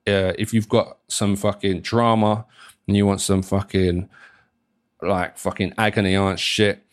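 A man's voice: sits low, flat delivery, a little slow, no echo, studio quality. A young man hosting a solo podcast, rambling casually, swearing freely and often restarting his sentences. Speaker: podcast host.

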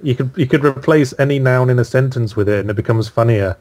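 A man's voice: medium pitch, fast, hardly any pauses, a little mellow. A man with an English accent, a podcast guest chatting casually, with dry, wry humor. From England. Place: home in Australia, remote call.

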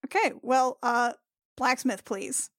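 A woman's voice: high-pitched, slow. A woman playing a tabletop game, bubbly and enthusiastic in casual chat. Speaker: player.

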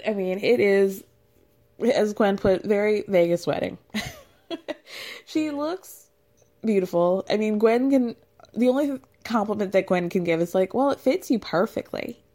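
A woman's voice: medium pitch, animated, unhurried, long pauses, mellow. A woman recapping a reality show in a casual, gossipy, chatty way, laughing often.

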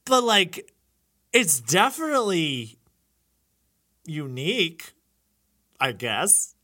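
A man's voice: a little high, sing-song, extremely slow, bright, forceful tone. A man hosting a podcast in casual chat, laughing often as he talks. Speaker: podcast host.

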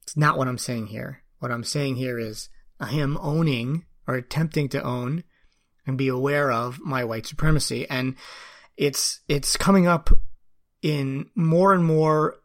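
A man speaking in an earnest, reflective way, as if thinking aloud. He pauses, restarts and searches for words. His pitch sits in an ordinary middle range for a man. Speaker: teacher. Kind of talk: reflective personal talk.

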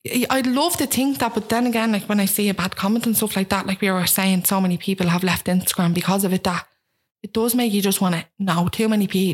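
A woman around thirty, a guest chatting casually and animatedly, often acting out what other people said. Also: mid-range voice. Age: about 30. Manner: animated, acts out quoted voices. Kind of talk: casual chat.

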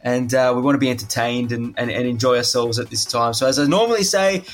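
A man hosting a podcast who wraps up the episode in a brisk, friendly way. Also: medium pitch. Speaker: podcast host. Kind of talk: casual podcast chat.

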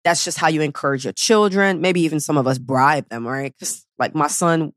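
A woman's voice: low-pitched, moderate pace, no echo, clean studio sound. A woman in her thirties hosting a weight loss podcast, blunt and profane, ranting straight at her listeners. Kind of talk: casual podcast monologue.

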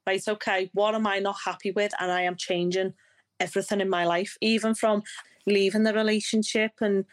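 A woman's voice: medium pitch, flat delivery, fairly quick. A woman, a guest in a casual interview, talking in an upbeat, chatty way and laughing often. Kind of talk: casual chat.

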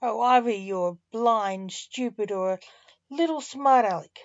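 A woman reading aloud gives voice to a stern, weary Grim Reaper, huffing and slow, with a dry, dull, lo-fi sound. He talks at a dragging, deliberate pace. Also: mid-range voice, steady tone, dark tone, no echo, close to an everyday voice. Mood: exasperated. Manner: huffy, slow and solemn.

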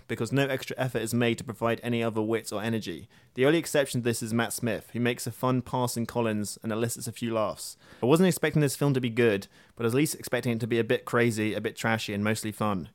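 A man's voice: mid-range voice, fast, hardly any pauses, no room sound, studio quality. A man co-hosting a podcast, talking casually and dryly about films, often joking and laughing. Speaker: podcast co-host. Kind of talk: casual film chat.

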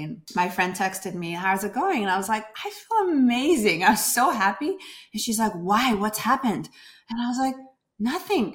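A woman doctor speaking as a podcast guest, talking animatedly and acting out the voices of people she quotes. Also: medium pitch. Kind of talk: conversational interview.

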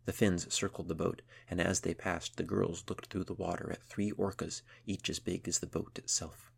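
A man narrating a children's adventure story in a measured storytelling manner. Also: sits low, level tone, creaky, breathy edge. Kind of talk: scripted narration.

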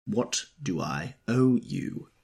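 A man reading an audiobook, voicing an arrogant, impatient wealthy man who talks roughly. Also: lowish voice, big pitch swings, normal speed, heavily acted. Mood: brusque. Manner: rough, contemptuous.

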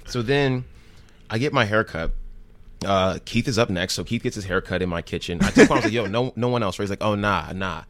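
Deep-ish guy from jersey spinning a story, does little voices for everyone, dry close sound. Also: brisk, no echo. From New Jersey. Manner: animated, acts out quoted dialogue. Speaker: podcast guest. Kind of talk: casual storytelling chat.

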